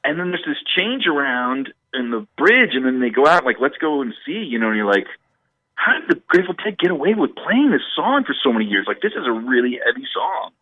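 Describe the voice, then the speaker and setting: A man's voice: mid-range voice, big pitch swings, a little fast, dry recording, phone-quality sound. A man, a musician guest, telling stories in a rambling stream-of-consciousness way during a radio interview.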